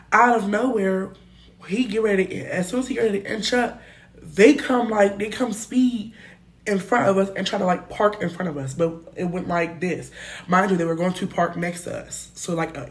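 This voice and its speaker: A young woman telling a casual storytime, animated and slangy, swearing freely and jumping between loud bursts and muttered asides. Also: medium pitch, normal speed. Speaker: storytime vlogger.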